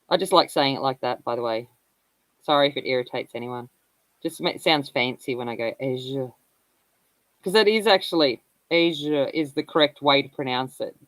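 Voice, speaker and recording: A woman's voice: deep voice, no echo, rough recording. Chatty woman with a dry sound. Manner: rambling, candid storyteller who laughs often. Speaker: colouring livestream host. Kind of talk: casual chat.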